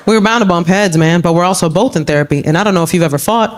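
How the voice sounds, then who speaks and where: A woman comedian performing a stand-up set on a club stage, animated and jumping into exaggerated voices for the people she quotes. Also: rapid-fire, hardly any pauses, crowd noise. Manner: animated, acts out quoted voices with big pitch jumps. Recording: live club recording, audience laughter and room noise. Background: audience laughter.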